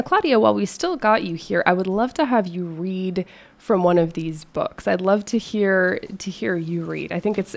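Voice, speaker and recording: A woman hosting a call-in radio show, reading out phone numbers slowly and thanking her guest. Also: fairly low pitch, vocal fry. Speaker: radio talk show host.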